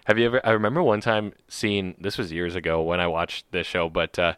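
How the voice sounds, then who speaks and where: Male co-host, low bright voice, easygoing anecdote delivery, dry studio sound. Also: little pitch movement, brisk, clean tone, no room sound. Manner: storytelling, laughs often, filler uh. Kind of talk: casual chat.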